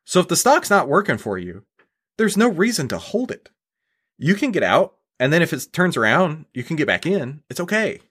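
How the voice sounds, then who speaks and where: A man with a slightly high, breathy-edged voice speaks at normal speed as a podcast guest. He's a stock trader explaining his approach in a laid-back, conversational manner, frequently restarting words and checking in with "right?".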